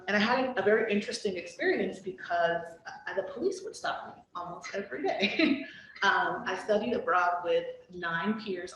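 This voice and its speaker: Woman academic guest, low-pitched, chatty and full of ums, recorded from a distant mic. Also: a bit bright. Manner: chatty, frequent ums and likes, laughs easily. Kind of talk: conversational storytelling. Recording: roomy, distant mic with faint noise.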